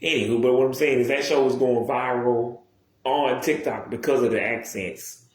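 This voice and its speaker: A man rambles to his viewers in a loose, profane monologue, jumping from one aside to the next and restarting his sentences. His voice sits at an ordinary middle pitch. The room gives it a noticeable echo. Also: normal speed. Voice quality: profane, digressive, many restarts. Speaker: YouTuber. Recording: roomy echo.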